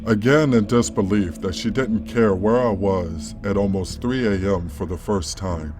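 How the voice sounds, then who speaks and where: A male narrator with a lowish voice reads a scripted horror story in a calm, measured way, with faint music playing in the background.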